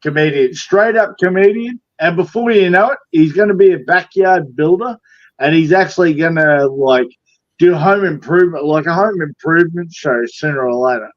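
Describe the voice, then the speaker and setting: A man's voice: fairly high pitch, normal speed. A man in blunt, joking banter with a co-host, swearing and talking over a lo-fi video call. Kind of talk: casual live-stream chat.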